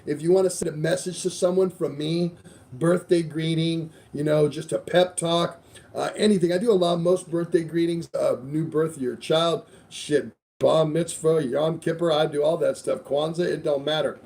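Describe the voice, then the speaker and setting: Gravelly-voiced man rambling through sponsor plugs. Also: fairly high pitch, fairly even intonation, moderate pace, darkish tone. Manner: loose, rambling, profane. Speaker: show host. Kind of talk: casual podcast chat reading sponsors.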